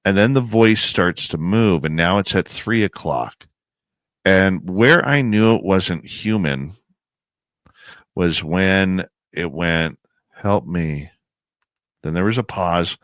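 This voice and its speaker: A man telling a suspenseful outdoor experience as a guest on a podcast, animated and pausing to build suspense. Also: sits low, no room sound. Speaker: guest, paranormal researcher and radio host. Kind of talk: casual storytelling in a podcast interview.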